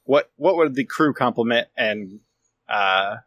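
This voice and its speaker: A man's voice: medium pitch, animated, a little slow, a bit bright. A man playing a tabletop game as a ship's captain, asking questions and thinking aloud. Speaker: player, ship captain. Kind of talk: casual tabletop game play.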